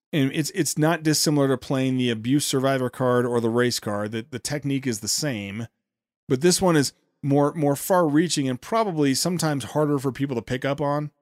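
A man's voice: medium pitch, no room sound, studio quality. A man hosting a show, giving an indignant, sarcastic running commentary on a speech clip. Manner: indignant, sarcastic, repeats words when heated. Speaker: podcast host.

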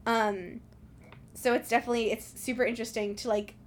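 A young woman co-hosting a podcast, talking through a book with animated, swearing, often laughing commentary. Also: fairly high pitch, fairly quick. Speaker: podcast co-host. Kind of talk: casual chat about a book.

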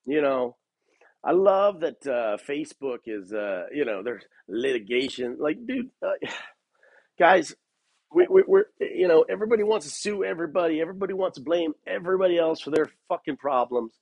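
Casting: man, podcast host, husky voice, lively up-and-down pitch, dry close sound, casual profane rambling. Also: normal speed, dry recording. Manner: rambling, profane, full of fillers like "man" and "dude". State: has a cough. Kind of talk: casual solo podcast rant.

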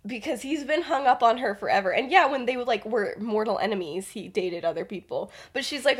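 A woman's voice: fairly high pitch, expressive, brisk, hardly any pauses, breathy edge. A young adult woman hosting a podcast, telling a story in a chatty, rambling way full of fillers. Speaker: podcast host. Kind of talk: casual storytelling.

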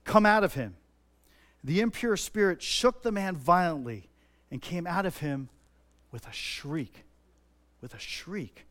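High-voiced man preaching earnestly. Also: lively intonation, a little slow, fairly bright tone. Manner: earnest, repetitive, rises to emphatic stresses. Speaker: pastor. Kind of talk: sermon.

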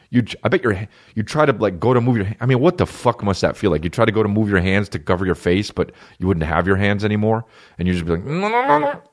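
A man hosting a podcast, rambling in a casual comedic monologue full of swearing while he riffs on listener questions. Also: fairly low pitch. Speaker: podcast host.

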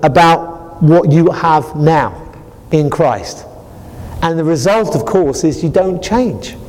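A man preaching a sermon as pastor, animated and acting out scenes. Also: on the high side, slow pace, big-room sound, poor audio. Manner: animated, acts out scenes with laughter.

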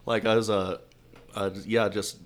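A man's voice: on the low side, level tone, unhurried. A congested man telling stories on a podcast in a laid-back way, with frequent fillers. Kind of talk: casual podcast chat.

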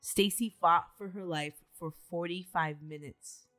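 A woman's voice: on the low side, a little slow, fairly bright tone, soft background music. A woman co-hosting a podcast, recounting a true-crime case in a matter-of-fact way with casual asides. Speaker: podcast co-host telling the case.

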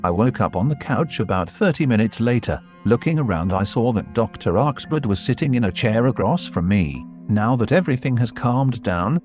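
A man's voice: on the low side, expressive, brisk, hardly any pauses, darkish tone. A man narrating a first-person horror story and voicing its dialogue. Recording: faint music underneath.

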